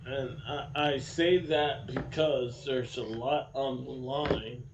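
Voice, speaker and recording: Slow-calling male race commentator. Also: medium pitch, noisy background. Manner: calls the race, gets excited at restarts. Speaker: play-by-play commentator. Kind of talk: sim racing commentary.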